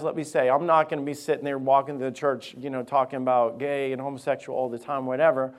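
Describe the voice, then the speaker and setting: A man's voice: medium pitch, flat delivery, fast talker, hardly any pauses. A man, a lead pastor, preaching an impassioned sermon in a church and repeating key phrases for emphasis. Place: church sanctuary.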